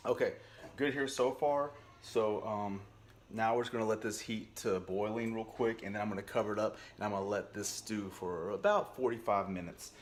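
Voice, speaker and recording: A man's voice: lowish voice, slight background noise. A young man chatting playfully while he cooks a stew in his home kitchen, humming little sound effects as he goes. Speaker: home cook vlogger. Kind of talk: casual cooking vlog.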